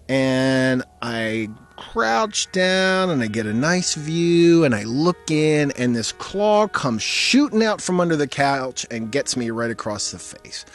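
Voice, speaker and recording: A man telling a personal story in a wry, conversational manner with vivid detail. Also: a little high.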